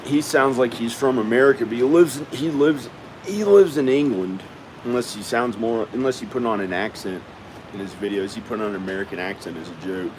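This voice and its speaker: A man's voice: medium pitch, a little fast, a little mellow, a little hiss or hum, poor audio. A man vlogging at home in a casual, rambling monologue, often repeating himself as he talks to the viewer. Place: at home indoors.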